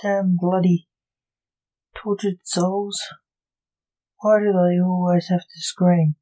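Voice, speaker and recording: A woman voicing a gruff, weary male Lord of Hell who grumbles at his son. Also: on the low side, little pitch movement, slow pace, dark tone, rough recording. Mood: grumbling. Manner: grumbling, curt.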